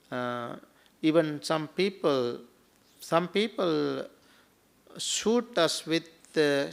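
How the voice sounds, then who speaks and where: Monk guy preaching real slow, kinda high voice, throws in "hmm?" a lot. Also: gravelly. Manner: slow, repetitive teaching with rhetorical questions and tag "hmm?". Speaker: Buddhist monk giving a Dhamma talk. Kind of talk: sermon.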